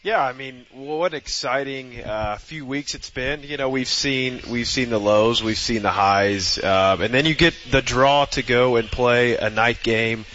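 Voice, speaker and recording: Man, radio football co-host, soft-spoken, hesitant, lots of fillers, dull broadcast sound. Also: medium pitch, a little slow, few pauses. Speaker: co-host analyst. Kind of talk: radio sports chat.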